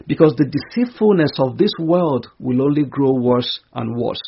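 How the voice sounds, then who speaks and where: A man's voice: medium pitch, expressive, normal speed, gravelly, muffled recording, slight background noise. A man preaching a sermon in an earnest, emphatic way, repeating his key phrases.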